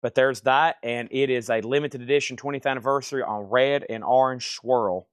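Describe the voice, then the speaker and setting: A man hosts a live record sale, listing one item after another with its price. His voice sits at a middle pitch and sounds close and dry, with little room sound. He talks in a brisk, casual way. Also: fairly even intonation, clear, resonant tone, dry recording. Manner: brisk list-reading of items and prices, casual. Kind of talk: livestream sales pitch.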